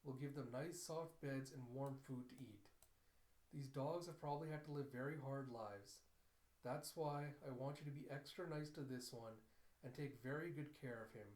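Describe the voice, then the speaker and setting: Brisk female spy handler, read by a man. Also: mid-range voice, a little mellow, natural voice. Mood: reassuring. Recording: roomy echo.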